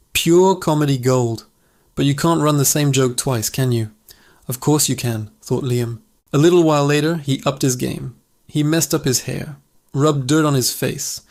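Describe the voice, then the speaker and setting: A man's voice: mid-range voice, darkish tone. A man narrating a comedic fable in a playful, dramatic way with jokey asides. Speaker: storyteller.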